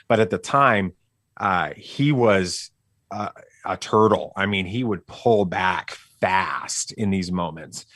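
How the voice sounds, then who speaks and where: A middle-aged man telling a family story casually as a podcast guest, animated and full of fillers and restarts. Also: low voice, slow, dry recording.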